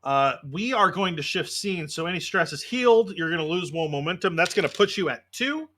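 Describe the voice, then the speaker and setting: A man's voice: high-pitched, lively intonation, fairly quick, a bit bright. A man narrating a tabletop game as game master, casual and loose with many fillers.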